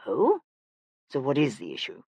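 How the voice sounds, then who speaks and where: A narrator doing a coolly ironic gentleman detective. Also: medium pitch, normal speed, slightly rough, no room sound, voice pushed down, exaggerated voice. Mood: dry. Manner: calm, even, dryly ironic. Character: cool, wry aristocratic male detective. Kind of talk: audiobook character voice.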